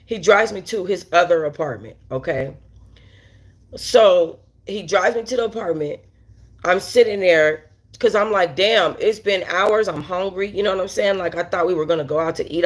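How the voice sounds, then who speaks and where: A woman hosting a casual livestream, telling a story bluntly and with plenty of profanity while talking straight to her viewers and reading their chat. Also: on the low side. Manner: talks straight to viewers with many asides.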